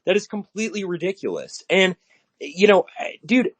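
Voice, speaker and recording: A man's voice: high voice, very animated, moderate pace, breathy edge. A man co-hosting a casual podcast, ranting in a heated, blunt way.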